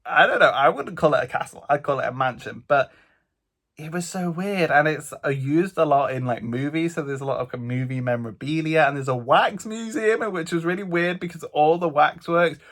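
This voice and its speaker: A man's voice: fairly high pitch, normal speed. Chatty British guy recapping travels. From England. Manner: chatty, animated storytelling with lots of "like". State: stuffy nose. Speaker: vlogger. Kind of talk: casual travel vlog recap.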